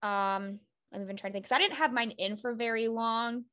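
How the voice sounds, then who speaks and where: A woman's voice: fairly high pitch, fairly quick, bright, forceful tone, clean tone. A woman hosting a podcast, chatting casually, encouraging her guest and offering advice. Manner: encouraging, affirming, gives advice. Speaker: podcast host. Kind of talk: casual supportive chat.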